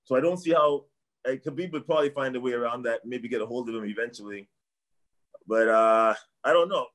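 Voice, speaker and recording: Middle-aged canadian guy, martial arts trainer, rambles and repeats stuff, mid pitched voice. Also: brisk, a bit bright. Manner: rambling, repeats himself, trails off with "I don't know". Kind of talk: casual sports chat.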